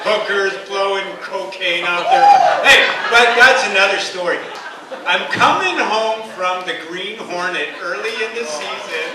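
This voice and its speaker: A man's voice: high voice, lively intonation, a little slow, heavy background noise. A man of fifty, emceeing a club banquet with a rambling, crude, jokey comic speech. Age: 50s. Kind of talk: comic after-dinner speech. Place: large banquet hall. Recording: echoey hall, distant mic, loud crowd.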